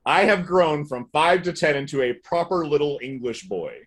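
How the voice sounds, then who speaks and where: A middle-aged man telling stories in a relaxed podcast conversation, with a wry, self-deprecating manner. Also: a little high, moderate pace. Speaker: podcast guest. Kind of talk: casual conversational storytelling.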